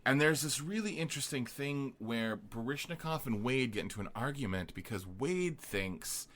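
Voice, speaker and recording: A man's voice: medium pitch, lively intonation, normal speed, fairly bright tone, slight background noise. A man co-hosting a podcast, retelling a film's plot in loose, chatty casual talk. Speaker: podcast co-host. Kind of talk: casual film-review chat.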